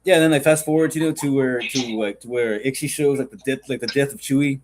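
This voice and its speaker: A man co-hosting a podcast, telling stories in casual chat, excitable and profane, often repeating himself as he builds up. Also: mid-range voice, quick pace, noisy background. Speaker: podcast co-host.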